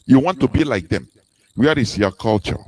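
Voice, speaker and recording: A man's voice: medium pitch, expressive, moderate pace, slight background noise, low-quality recording. A man, giving a fervent radio talk full of rhetorical questions and sing-song rises. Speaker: radio broadcast speaker. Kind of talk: impassioned preaching talk.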